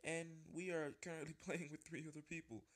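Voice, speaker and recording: A man giving live gameplay commentary at home, rambling and self-interrupting, jumping to squeaky panicked yelps and whiny pleading. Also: flat delivery, a little fast, a bit bright. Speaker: gaming video host. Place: at home with a small dog.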